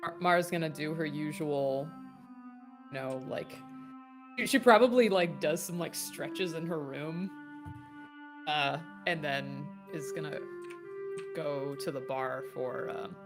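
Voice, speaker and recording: A woman's voice: low voice, takes it slowly, long pauses, music in the background. A woman player rambling casually about her character, with many fillers and laughs. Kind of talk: casual tabletop role-play.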